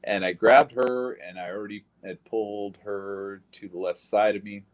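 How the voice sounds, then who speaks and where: A man's voice: on the low side, fairly even intonation, moderate pace, dull audio. A man giving a recorded witness interview about surviving a shooting, telling it in a blunt, plain-spoken way with some swearing.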